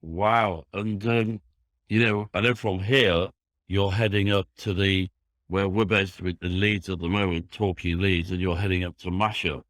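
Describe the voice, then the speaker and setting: Yorkshire male host, low-pitched, chatty and enthusiastic, rambling questions. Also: steady tone, a little slow, a bit bright, no echo, clean studio sound. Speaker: podcast host. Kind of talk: business podcast interview.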